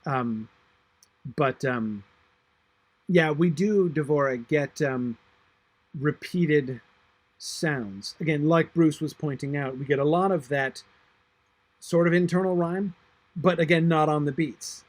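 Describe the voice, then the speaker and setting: A man teaching a literature class, reading verse aloud slowly and thinking aloud with many fillers and restarts. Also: a little high, dry recording. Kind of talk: online class discussion of a poem.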